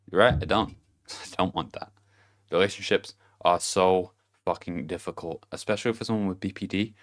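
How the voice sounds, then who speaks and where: A man's voice: low voice, fairly even intonation, a little fast. A man giving a casual motivational monologue to camera, blunt and profane, chuckling between his points. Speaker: vlogger.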